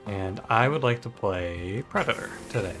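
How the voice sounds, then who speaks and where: Over music, a gaming YouTuber with a Michigan accent opens a let's-play for his channel in a fairly low voice. He speaks at a moderate pace with lively intonation, chatting casually and thinking aloud.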